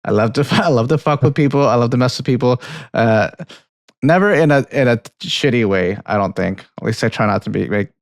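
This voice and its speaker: A man's voice: mid-range voice, a little fast, no echo, clean studio sound. A young man co-hosting a casual film podcast, rambling through a story, laughing often, swearing freely and restarting his sentences. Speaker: podcast co-host. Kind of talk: casual chat, film review and anecdote.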